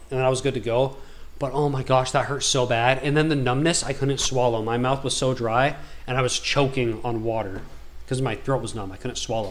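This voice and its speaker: Rambling, slangy man telling a story. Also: mid-range voice. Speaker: gaming video host. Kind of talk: casual storytelling while gaming.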